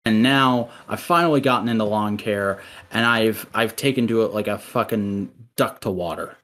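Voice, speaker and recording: A man's voice: lowish voice, moderate pace, fairly bright tone. A man co-hosting a podcast, rambling along in a casual, joking, profane way. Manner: rambling, profane, self-mocking. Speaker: podcast co-host.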